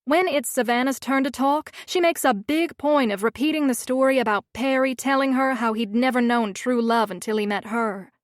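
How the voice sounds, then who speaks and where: A woman's voice: fairly high pitch, no echo, clean studio sound. A woman narrating a romance audiobook in the first person, with a wry, sardonic manner.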